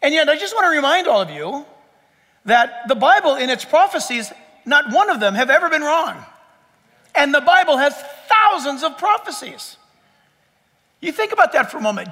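A middle-aged male pastor preaching a sermon in an animated, joking way, with mock quotes. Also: very high voice, in a large hall.

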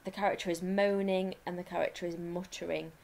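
A woman with an English accent, a primary school teacher giving a recorded lesson, explaining step by step and slowing down to dictate. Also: fairly low pitch, flat delivery, vocal fry, darkish tone.

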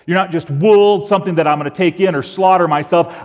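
In a church sanctuary, a man preaching as pastor tells stories with animation, imitating the bleats and calls of sheep. His voice is high-pitched and a little fast, with hardly any pauses. The sound is dull, with long church reverb.

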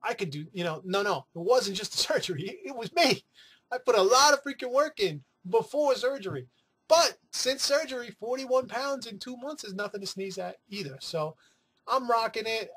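A man talks straight to camera in loose, rambling chat, swearing freely and sliding into playful asides. His voice sits high for a man and carries a husky edge. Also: animated, normal speed, a bit bright. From New York City. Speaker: weight-loss vlogger.

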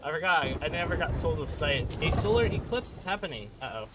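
A young man giving rambling, self-mocking commentary while playing a game, swinging between mumbles and loud outbursts. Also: on the high side, very animated, a little fast, very noisy. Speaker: gaming YouTuber. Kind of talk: casual gameplay commentary. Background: game music.

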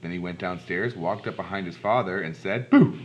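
A man reading a children's storybook aloud in an expressive, animated way. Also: deep voice, brisk. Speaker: storybook reader. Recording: dull lo-fi recording.

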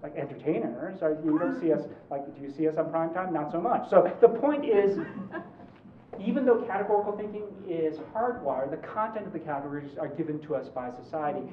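A man in his forties, a law professor giving a conversational lecture, animated and joking, with quick asides. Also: fairly high pitch, slight background noise. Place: large lecture hall. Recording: roomy, distant, dull hall recording.

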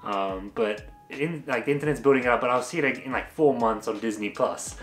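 A man's voice: mid-range voice, a little fast. A man giving a casual spoken movie review, chatty and rambling, with laughs between his points. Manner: chatty and rambling, full of fillers. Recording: echoey room with faint music.

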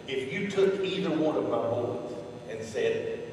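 A man's voice: medium pitch, animated. Man preaching in an echoey hall. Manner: swings from hushed pauses to shouted climaxes. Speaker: evangelist preacher. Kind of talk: sermon at a revival rally. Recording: echoey hall from far off, noisy.

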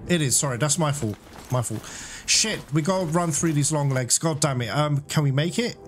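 Excitable swearing gamer man, slightly higher voice. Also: moderate pace, background noise. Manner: excitable, swears and laughs, yelps when panicked. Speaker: gamer playing a blind let's play. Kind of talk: casual gameplay commentary. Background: game music.

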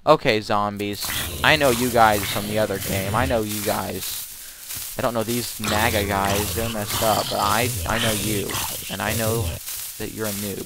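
A man commentating his own gameplay, excitable and given to panicky strings of no no no. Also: on the low side, a little slow, background noise. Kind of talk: let's play commentary.

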